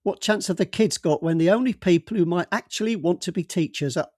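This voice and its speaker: A man voicing a brusque, jovial middle-aged male police boss in an audiobook, talking loudly and bossily and cutting others off. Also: high-pitched, a little fast, no echo, studio quality, voice pushed up. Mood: bluff, bossy. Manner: loud, bluff and bossy, cuts others off. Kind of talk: audiobook character voice.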